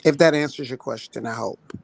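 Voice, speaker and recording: A woman's voice: a bass voice, brisk, vocal fry, no echo. A woman health outreach nurse, a guest on a talk show, speaking earnestly over a video call. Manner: earnest, storytelling, voices quoted people.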